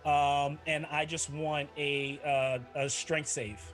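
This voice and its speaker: A man's voice: fairly high pitch, flat delivery, takes it slowly, music in the background. A man running a tabletop role-playing game as dungeon master, chatty and often laughing, with many restarts.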